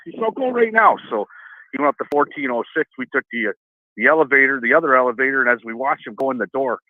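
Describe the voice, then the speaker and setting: Middle-aged male caller, profane rambler, lively quotes, phone-line sound, dry. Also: medium pitch, fast talker, no echo. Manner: rambling, profane, animated quoting of others. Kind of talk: casual phone-in storytelling.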